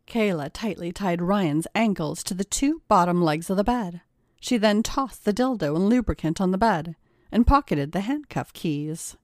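A woman reading a story aloud in a steady, even narration. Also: lowish voice, moderate pace, no room sound, clean studio sound. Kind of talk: scripted narration.

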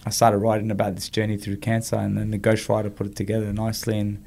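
A man recounts a personal story as an interview guest. His voice sits a little low, and he brings his story to life by acting out what people said. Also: fast, creaky. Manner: animated storyteller, acts out quoted dialogue. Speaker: guest, former boxer.

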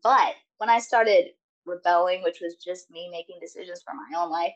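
A woman's voice: lowish voice, moderate pace, muffled recording. Hesitant young woman podcast guest. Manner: rambling, hesitant, filler-heavy. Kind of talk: casual chat.

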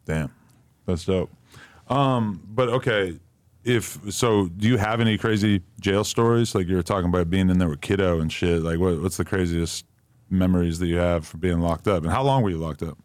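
A man hosts a casual interview and asks his questions in an easy, laid-back way, laughing often. His voice sits low. The sound is dry and close, with no room echo. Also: normal speed, a little mellow. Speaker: interview host.

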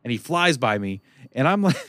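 A man telling a long story as a podcast co-host, profane and animated, laughing often. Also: mid-range voice, fairly quick, no room sound. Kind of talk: casual storytelling chat.

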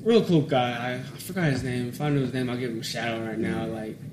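A man's voice: medium pitch, fast talker. A young man casually telling a story, swearing freely, laughing and mimicking the people he quotes. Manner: animated, swears freely, laughs, mimics voices when quoting. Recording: roomy echo with steady background noise.

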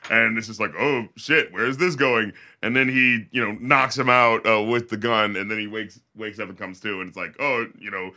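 A man co-hosting a casual podcast chat, rambling through a film scene and acting out lines in low mock voices. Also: fairly even intonation, fairly quick, hardly any pauses, bright, forceful tone. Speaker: podcast co-host reviewing a film.

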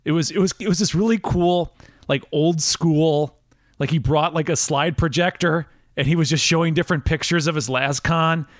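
A man's voice: fairly high pitch, moderate pace, dry recording, studio quality. A man hosting a podcast, chatting casually in a rambling, laughing way. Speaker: podcast host. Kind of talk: casual interview chat.

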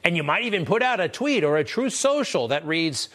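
A man's voice: on the high side, very animated, a little fast, few pauses, fairly bright tone. A man hosting an opinion news show, talking in a sarcastic, combative way and repeating phrases for emphasis. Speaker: TV news commentary host.

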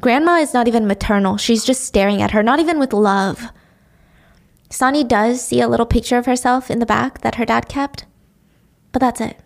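A woman's voice: on the high side, moderate pace, gravelly. A woman recapping a drama in a casual, chatty way, with offhand swearing.

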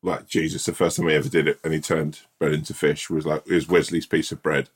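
A man with a very low voice chats on a podcast. He rambles, restarts and swears as he riffs, laughing at his own jokes. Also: level tone, quick pace, breathy edge. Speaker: podcast co-host. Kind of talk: casual chat.

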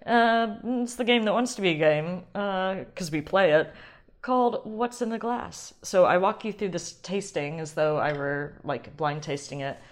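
A woman hosting a wine podcast alone, talking casually and excitably and often sidetracking herself. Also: lowish voice, unhurried. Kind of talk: casual solo wine talk.

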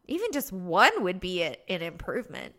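Bright, lively woman podcast co-host. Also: on the low side, normal speed. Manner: giggly, chatty storyteller. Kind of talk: casual chat.

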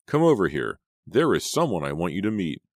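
A man's voice: low voice, big pitch swings, a little fast, a little mellow, no echo, clean studio sound, full character voice. A man voicing a friendly adult drama teacher calling to his students.

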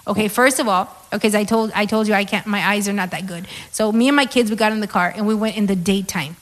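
A woman, chatting casually and telling animated stories full of "like" fillers and swearing. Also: mid-range voice, fast talker. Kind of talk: casual chat.

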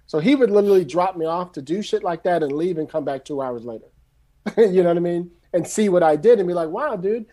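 A middle-aged man from San Francisco, a screenwriter telling his story in a loose, animated, casual way and swearing freely. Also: sits high, fast talker. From San Francisco, USA. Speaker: screenwriter guest.

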